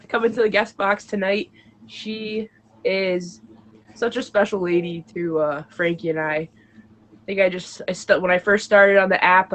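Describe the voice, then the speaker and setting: A woman's voice: mid-range voice, slight background noise. A young woman co-hosting a casual live-stream show, chatty and bubbly with plenty of fillers. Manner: bubbly, many fillers, bursts into excited shrieks.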